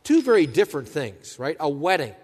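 A man preaching a sermon, telling stories with lively asides and acting out the voices of the people he quotes. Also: fairly high pitch, a little fast, in a large hall. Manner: animated storyteller, acts out quoted voices. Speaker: pastor.

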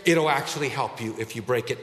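A man preaching a sermon as pastor, emphatic, slowing down to stress key words. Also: medium pitch, a bit bright, reverberant, long reverb tail.

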